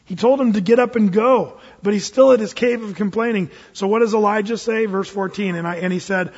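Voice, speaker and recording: A male pastor preaching a sermon, animated, acting out characters from scripture with big swings in pitch and loudness. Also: a little fast, few pauses, slightly rough. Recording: muffled recording with long hall reverb.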